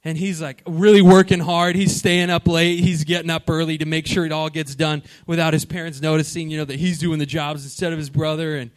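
A man preaching a sermon, telling a story with animated delivery and questions to the congregation. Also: a little high, fairly quick, hardly any pauses. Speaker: pastor.

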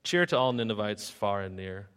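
A man's voice: lowish voice, lively intonation, moderate pace, a bit bright, clean tone. A male pastor preaching a sermon and telling a story in sing-song rhyme. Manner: rhythmic, sing-song rhyming delivery. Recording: long reverb of a hall.

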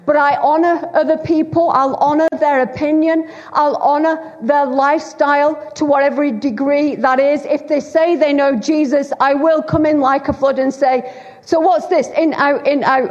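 A woman preaching a sermon to her church, emphatic and repeating her points for effect. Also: high voice. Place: church hall. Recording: dull sound with long hall reverb.

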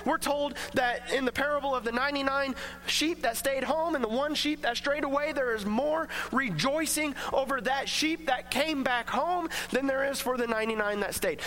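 A man's voice: extremely high pitch, pushed and bright, slight background noise. A man preaching a sermon in a casual, conversational way, often acting out what people and God might say. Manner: casual, conversational preaching that acts out quoted speech.

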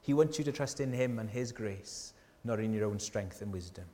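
A pastor delivers an earnest, conversational sermon in a fairly low voice at a moderate pace, asking frequent rhetorical questions. He's tender, dropping softly at key lines, and the church adds a long hall reverb.

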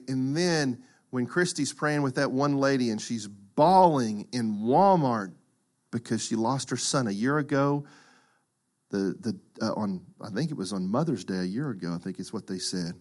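A middle-aged man preaching a sermon, acting out quotes and swinging from loud to hushed. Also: medium pitch, moderate pace. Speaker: pastor.

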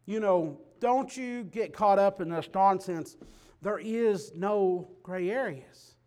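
A man preaching a sermon, dropping low and quiet then rising to loud, emphatic declarations. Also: takes it slowly.

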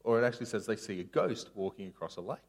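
Animated preacher, casual sermon. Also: male voice, on the low side, quick pace, slightly rough. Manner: animated storytelling, voice rising and falling sharply.

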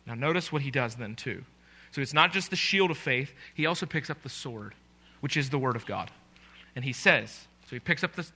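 A man's voice: fairly high pitch, bright, forceful tone. A male pastor preaching a sermon, emphatic and full of rhetorical questions to his congregation.

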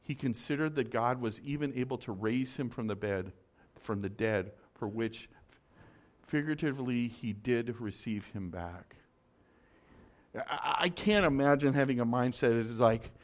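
Brief: male preacher of middle pitch telling a story from the pulpit, intense and dynamic, dropping to a hush. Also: lively intonation, moderate pace. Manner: dramatic, swings from loud urgency to soft hush. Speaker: pastor. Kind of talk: sermon storytelling.

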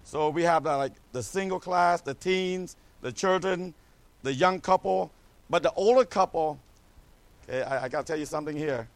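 Middle-aged man, missionary pastor, slightly high voice, joking with "amen?" asides. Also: moderate pace, dry recording. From Cambodia. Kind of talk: mission update to a church.

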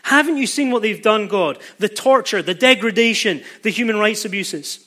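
Brief: man acting out an indignant prophet, pleading and aggrieved; high, bright voice. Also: expressive, normal speed, full character voice. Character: indignant prophet complaining to God.

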